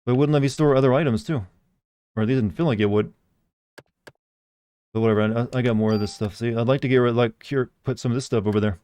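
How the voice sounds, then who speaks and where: Mellow-voiced man streaming a game. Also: medium pitch, fast talker, pauses often, clear, resonant tone. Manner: chatty, rambling, reads chat aloud. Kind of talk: casual live-stream commentary.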